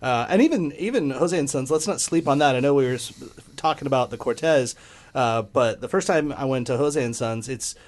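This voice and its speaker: A man hosting a podcast, asking guests questions in a relaxed conversational way. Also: mid-range voice, a little fast. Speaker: podcast host. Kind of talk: casual interview.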